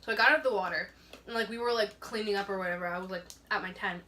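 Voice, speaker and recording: A woman's voice: medium pitch, racing, sharp tone, a little hiss or hum. A young woman telling a personal story on a casual podcast, rambling, with lots of "like" and frequent laughter. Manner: rambling, heavy use of "like", laughs often. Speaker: podcast co-host.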